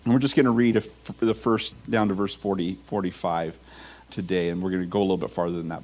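A man's voice: sits low, steady tone, fast talker, a little mellow. A man, a teaching pastor, reading scripture, praying and telling a story in a conversational sermon, often repeating words and restarting. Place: church sanctuary.

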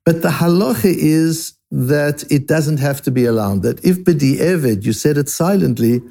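A man's voice: a little high, measured pace, creaky, dark tone. A man teaching a Talmud lesson, asking questions aloud and answering them as he explains.

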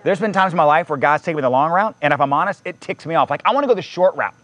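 A man's voice: fairly high pitch, lively intonation, racing, fairly bright tone. A man preaching a sermon in a conversational way, reading scripture aloud and adding casual asides. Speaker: pastor.

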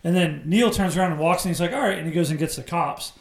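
Gravelly young man in an echoey room. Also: on the high side, quick pace, a crowd in the background. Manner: animated, profane retelling. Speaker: storyteller. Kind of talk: casual chat.

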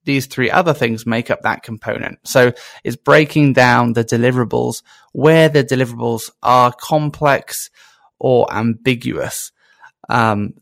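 A man's voice: mid-range voice, creaky, a bit bright, no echo. A man hosting a casual podcast conversation, musing and thinking aloud with some hesitation. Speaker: podcast host.

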